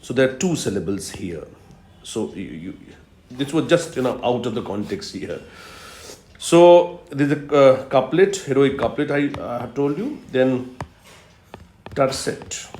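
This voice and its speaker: Male professor, unhurried lecture, repeats key terms, echoey room. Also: medium pitch, expressive, darkish tone. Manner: explains step by step, repeats key terms, frequent "uh" fillers. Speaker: professor of literature. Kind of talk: recorded video lecture. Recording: roomy echo.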